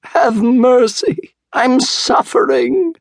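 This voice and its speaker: A man voicing a sly, greedy adult male fox in a children's storybook reading, with a whimpering, pleading, drawn-out delivery. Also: very high voice, expressive, vocal fry, no room sound, clean studio sound, voice pushed up, full character voice.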